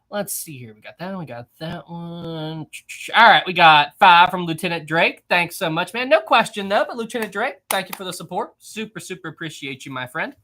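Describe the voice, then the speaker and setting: Guy doing a chill live stream, reads chat out loud, bright voice, keeps laughing and repeating stuff. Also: a little high. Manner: laughs often, repeats phrases. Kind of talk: casual live stream chat, reading viewer messages.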